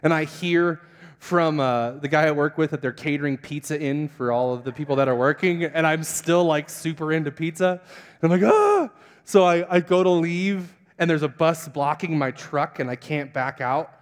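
A young man, a pastor, telling a funny self-mocking story in a sermon and acting out the voices with big jumps in pitch. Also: steady tone, normal speed. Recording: long hall reverb.

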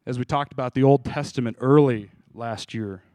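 A mellow male pastor of medium pitch speaks at a moderate pace, recorded without room sound. Casual and conversational, he asks his group questions throughout the informal sermon and restarts as he goes.

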